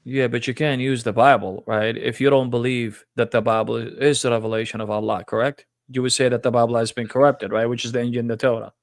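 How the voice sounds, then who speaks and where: A man's voice: medium pitch, flat delivery, quick pace, hardly any pauses, no room sound, clean studio sound. A man hosting a live-streamed religious debate, talking in a confrontational, mocking way. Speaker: debate livestream host.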